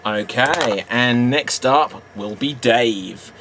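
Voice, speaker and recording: A man's voice: medium pitch, extremely slow, a bit bright, a little hiss or hum. A British man hosting a live improv comedy stream, chatty and upbeat, laughing often. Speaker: improv show host.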